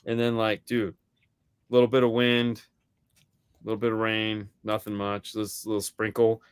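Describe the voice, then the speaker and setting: A man co-hosting a podcast in casual chat, telling a story in a lively way and acting out the voices of the people in it, swearing now and then. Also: on the low side, unhurried, clean tone, no echo, clean studio sound. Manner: animated storyteller acting out quoted dialogue. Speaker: podcast co-host.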